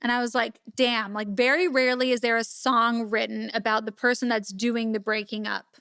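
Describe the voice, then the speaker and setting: High-voiced blunt woman host. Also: flat delivery, normal speed, bright, forceful tone, smooth, dry recording, studio quality. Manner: blunt, playful, swears freely. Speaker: podcast host. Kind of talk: casual chat. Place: indoor podcast set.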